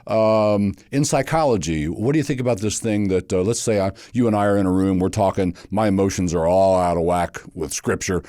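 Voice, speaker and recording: A man hosting a podcast interview, asking questions calmly and affirming his guest. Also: low voice, brisk, few pauses, no room sound, clean studio sound. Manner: calm, affirming, asks questions. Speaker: podcast host. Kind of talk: conversational interview.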